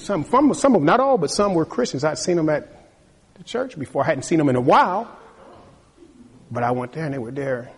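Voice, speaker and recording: A man preaching a sermon with a husky voice, lively and acting out other people's voices. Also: on the high side, a little fast. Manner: animated, acts out voices of tempters and the king. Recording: long hall reverb.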